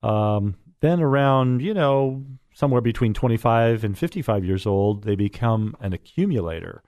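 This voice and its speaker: A man's voice: mid-range voice, animated, normal speed, darkish tone, no echo. Middle-aged male radio host, folksy and chatty, mid voice, dry studio sound. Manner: folksy and chatty, with many fillers. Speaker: radio real estate show host. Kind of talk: casual radio talk show chat.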